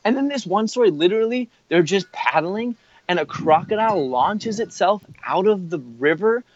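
Animated young man telling a story. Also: sits high, normal speed, highs cut off, a little hiss or hum. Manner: animated storyteller, lots of "like", laughs mid-sentence. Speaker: guest telling a travel story. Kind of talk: casual chat.

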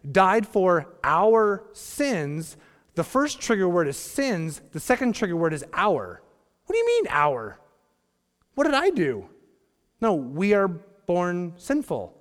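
A man in his thirties preaching a sermon as a pastor, joking, moving between hushed asides and emphatic bursts. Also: high voice. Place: church sanctuary. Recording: long reverb of a church hall.

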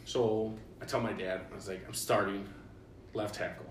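Low-voiced young man telling stories, roomy sound. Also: moderate pace, recorded from a distance, slight background noise. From Illinois, USA. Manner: animated storyteller, acts out quotes, laughs often. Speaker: podcast host. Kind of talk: casual storytelling chat. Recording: roomy, from off-mic.

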